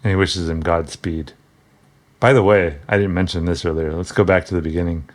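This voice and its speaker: Man, very low voice, casual comic commentary, rambling, wry asides. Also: fairly even intonation, fairly quick. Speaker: comic book reviewer.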